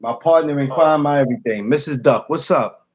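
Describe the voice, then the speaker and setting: A man's voice: a little high, a little fast, darkish tone, a little hiss or hum. A man hosting a podcast in casual morning chat, playful and teasing, repeating his phrases. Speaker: podcast host.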